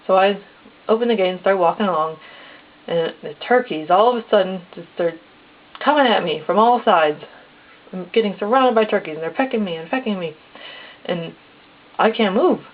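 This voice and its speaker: Woman telling a story over tinny audio. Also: medium pitch. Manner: plain, step-by-step retelling with quoted dialogue. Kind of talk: casual personal anecdote. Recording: tinny phone-like lo-fi recording.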